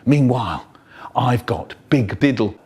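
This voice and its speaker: Animated man telling a comic story. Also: mid-range voice, measured pace, husky. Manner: animated, playful, voices the characters. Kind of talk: comic story reading, edited into a remix.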